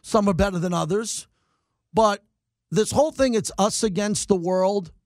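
A middle-aged man hosting sports talk radio, ranting in animated bursts and mocking his critics. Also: high-pitched, no echo, clean studio sound. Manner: animated, rants and mocks in quick bursts. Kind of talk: fired-up sports talk monologue.

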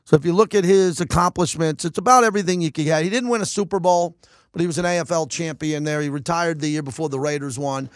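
A man's voice: a little high, fast talker, dry recording. A man hosting a sports talk radio show in a studio, speaking in a conversational, reflective way. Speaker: radio host. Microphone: studio mic.

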